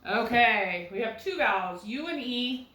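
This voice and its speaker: A woman's voice: fairly high pitch, lively intonation, measured pace, bright, forceful tone, reverberant, rough recording. A woman teaching a recorded first grade phonics lesson, patiently sounding words out syllable by syllable and asking guiding questions. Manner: asks rhetorical questions to guide young students.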